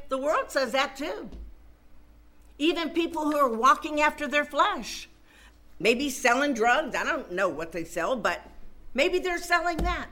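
A woman's voice: high voice, expressive, unhurried, fairly bright tone. A woman preaching a sermon and reading scripture aloud, stressing her points by repeating phrases.

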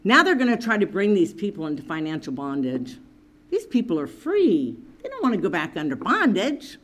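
A woman's voice: medium pitch, huge pitch swings, normal speed, fairly bright tone. A woman preaching a sermon, earnestly reading and explaining scripture to her listeners.

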